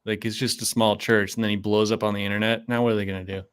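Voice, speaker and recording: A man's voice: fairly low pitch, level tone, very fast, clear, resonant tone. A man hosting a livestream, bantering playfully in casual chat. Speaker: livestream host.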